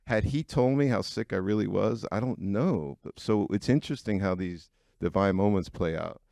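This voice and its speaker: A middle-aged man with a very low voice and a gravelly, creaky edge. He tells personal stories to a live audience at an event in a frank, conversational way, and the sound is close and dry. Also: moderate pace, darkish tone, no echo. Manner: conversational and frank, with frequent fillers. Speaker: keynote speaker at an entrepreneurs' breakfast. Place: event venue before an audience.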